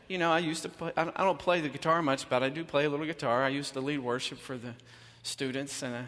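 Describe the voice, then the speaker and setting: A man's voice: a little high, fairly even intonation, quick pace, few pauses, a bit bright. A man giving a chatty sermon, telling a self-deprecating story before he turns to teaching. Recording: long reverb of a church hall.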